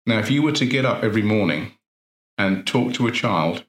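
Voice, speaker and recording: A man's voice: on the low side, animated, brisk, fairly bright tone. A man, an NLP coach, giving an earnest motivational talk full of rhetorical questions and repeated phrases. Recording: roomy echo.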